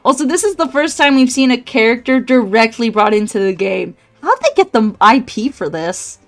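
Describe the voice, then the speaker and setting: A woman's voice: fairly high pitch, expressive, moderate pace. A woman streaming a story game, chatting casually, swearing and laughing at her own slips.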